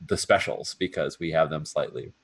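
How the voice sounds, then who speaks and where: A man with a low voice playing a tabletop role-playing game. He thinks aloud in halting phrases and often restarts. The sound is dry and close. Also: breathy edge, no room sound. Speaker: player.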